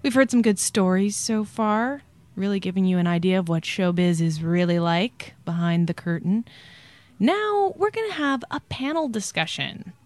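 A woman hosts a casual interview show in a playful, blunt way, with her pitch in an ordinary middle range. Her voice is recorded dry and close, with no room around it. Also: animated, moderate pace, darkish tone, dry recording. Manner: playful, laughs often, blunt. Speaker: host.

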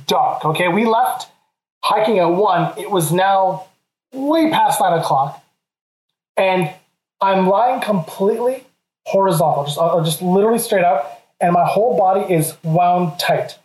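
Lively man telling a funny story. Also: high voice. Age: 30s. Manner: lively, laughs through his own story. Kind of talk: comedic personal storytelling. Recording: roomy echo.

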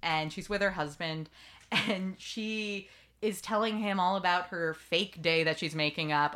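Low-voiced woman hosting a TV recap. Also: unhurried. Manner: lively storytelling, acts out quotes. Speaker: podcast host. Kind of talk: casual TV recap chat.

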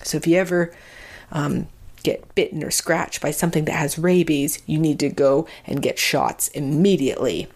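A woman's voice: low-pitched, normal speed. Self-mocking woman telling an anxious story. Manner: animated, self-mocking, acts out both sides of the talk. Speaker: podcast host telling a personal story. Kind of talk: comic personal storytelling.

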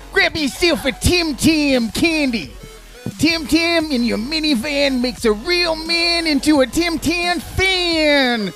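A man putting on a put-on Australian accent to voice a hammy male snack pitchman in a loud, singsong sales pitch. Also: exaggerated voice.

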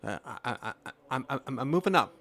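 A man's voice: medium pitch, expressive, brisk, fairly bright tone. A man voicing a nervous male gnome groom on his wedding day who stammers and repeats his words.

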